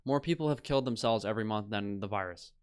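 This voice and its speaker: A man's voice: fairly low pitch, quick pace, clear, resonant tone. Profane ranting male streamer. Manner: profane, scornful, reads headlines aloud. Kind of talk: casual ranting commentary.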